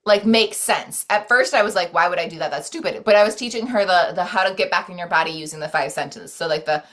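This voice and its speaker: A woman's voice: medium pitch, steady tone, a little fast, fairly bright tone. A woman talking as a podcast guest in casual, earnest conversation, rambling with many "like"s and restarts. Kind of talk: casual conversation about self-care and spirituality.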